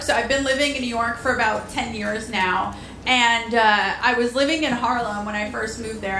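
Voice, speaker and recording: A woman doing a stand-up comedy set on a club stage, chatty, with lots of "like" and deadpan punchlines. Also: a little high, slight background noise. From Alabama, USA. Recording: echoey club room. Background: audience laughter.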